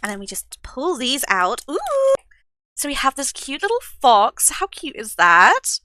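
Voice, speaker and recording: Gushing female unboxing vlogger, high, lively voice, dry close sound. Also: a little slow, dry recording. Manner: gushing and excitable, with squeals and giggles. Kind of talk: casual merch unboxing chat.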